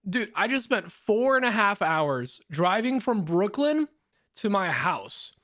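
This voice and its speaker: A man co-hosting a podcast with casual, jokey banter. His pitch swings around a lot, and he laughs often. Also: very animated, takes it slowly, pushed and bright. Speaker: podcast co-host.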